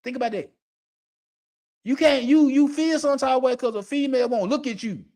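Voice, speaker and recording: A man's voice: extremely high pitch, normal speed, a little mellow. A man hosting an unscripted monologue, blunt and profane, laughing often as he talks. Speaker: podcast host.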